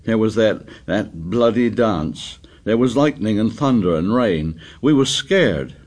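A man voicing an anxious, stubborn schoolboy who speaks in a shrill, insistent, pleading way. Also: expressive, measured pace, darkish tone.

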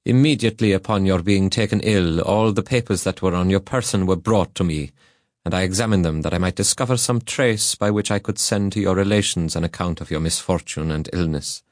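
A man voicing a grave, kindly middle-aged magistrate in a measured, formal manner in an audiobook reading. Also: sits low, no echo, clean studio sound, natural voice.

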